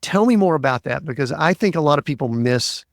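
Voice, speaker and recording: Man, podcast host, gravelly tone, reflective questions, dry close sound. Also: on the high side, lively intonation, fairly quick, no echo. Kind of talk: conversational interview.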